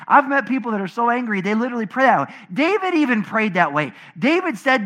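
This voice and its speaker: A pastor preaching a sermon to his congregation, animated, swinging between loud emphatic passages and low, quiet ones. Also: a little fast, few pauses.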